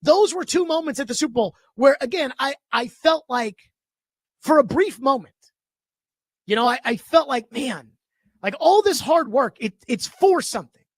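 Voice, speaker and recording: Brief: male sports radio host, high voice, dry studio mic, emphatic indignant monologue. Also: normal speed, no room sound. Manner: animated, emphatic, indignant rant. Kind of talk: radio talk show monologue. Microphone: studio microphone.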